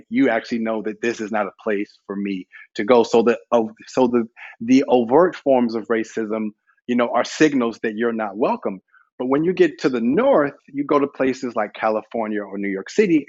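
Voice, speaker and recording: A man's voice: mid-range voice, darkish tone. A man with a Southern American accent talks in an earnest, emphatic podcast conversation. His voice sits in the middle of the male range. The audio is a little muffled and dull. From Southern United States. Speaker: podcast guest.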